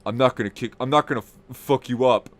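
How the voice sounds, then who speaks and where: Man doing a drunk teen bruiser, low slurred menace, half mumbled. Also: quick pace, close to an everyday voice. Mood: menacing. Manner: slurred, muttering threats. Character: drunk hulking teenage boy, slurring and menacing.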